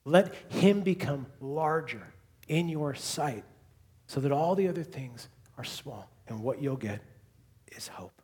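A man's voice: a little high, animated, unhurried, a little mellow, slightly rough. A male pastor preaching a sermon and closing in prayer, building to emphatic repeated lines and then falling to a near whisper.

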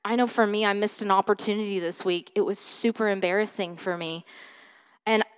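A woman's voice: mid-range voice, fairly even intonation, brisk, smooth, long reverb tail. A woman pastor preaching a sermon in a chatty storytelling way, full of fillers, dropping to whispered asides now and then. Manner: conversational storytelling with many fillers; swings from loud to soft whispered asides.

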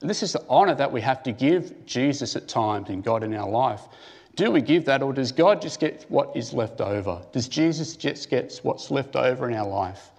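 A man's voice: medium pitch, normal speed, darkish tone. A man giving a conversational sermon who asks his listeners questions and thinks aloud with restarts. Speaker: preacher.

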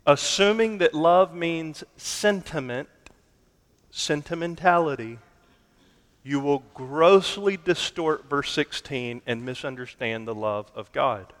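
A man preaching a sermon, deliberate and emphatic, stretching key words for weight. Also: on the high side, fairly bright tone. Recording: long hall reverb.

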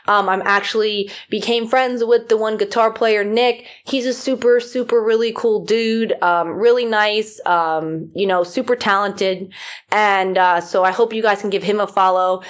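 A woman from Florida hosting a podcast in casual chat, rambling with many fillers, her voice a little rough from feeling unwell. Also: medium pitch, steady tone, unhurried. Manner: rambling, filler-heavy, self-deprecating. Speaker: podcast host.

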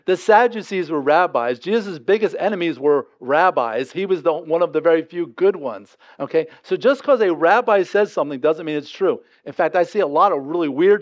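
A man's voice: on the high side, lo-fi sound. Man preaching with rhetorical questions. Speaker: pastor. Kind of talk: sermon.

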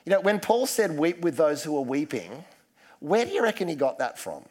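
A man's voice: a little high, big pitch swings, a little fast, darkish tone. A man preaching a casual, self-deprecating sermon full of asides. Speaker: pastor.

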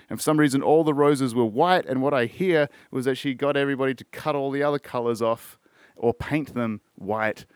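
An Australian man with a medium-pitched voice hosts a casual music podcast, rambling and swearing a lot, with plenty of fillers and restarts. The recording is dry, with a clean studio sound.

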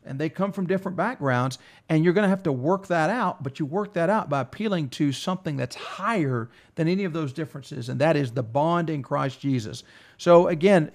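Earnest male Bible teacher. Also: a little high. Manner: reads scripture aloud, earnest teaching tone. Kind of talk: Bible study discussion.

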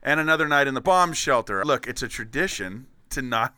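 A man's voice: mid-range voice, expressive, brisk, pushed and bright, clean tone, no room sound. Rambling, goofy man hosting a podcast. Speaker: podcast host. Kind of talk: casual comedy podcast chat.

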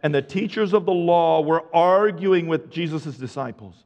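A man preaching a sermon, reading scripture and retelling it in casual modern speech, swinging between loud and hushed. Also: fairly high pitch, normal speed. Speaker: pastor. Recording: reverberant hall, muffled sound.

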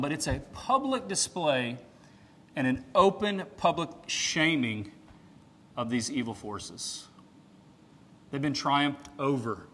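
Male pastor, conversational sermon delivery, slightly higher voice, long reverb of a large hall. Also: slight background noise. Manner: conversational preaching, often says "right?", shifts loud to soft.

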